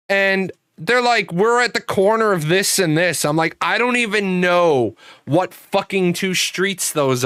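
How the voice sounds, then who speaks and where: A man's voice: high-pitched, bright, forceful tone, clear, resonant tone, no echo. Profane rambling man, dry close sound. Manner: profane, rambling storyteller with frequent restarts. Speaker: host. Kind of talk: casual livestream chat.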